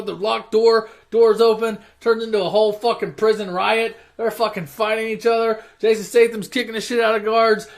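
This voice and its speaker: Profane rambling man, high voice. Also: vocal fry. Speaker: storyteller. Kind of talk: casual comedic plot retelling.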